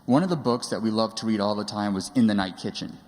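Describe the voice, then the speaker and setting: A father in his forties tells fond stories about his daughter, sometimes hesitating with fillers. His voice sits low, and it rings out with a long reverb in a large sanctuary. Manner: halting, with fillers, fond storytelling. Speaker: parent giving a speech. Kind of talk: personal storytelling speech.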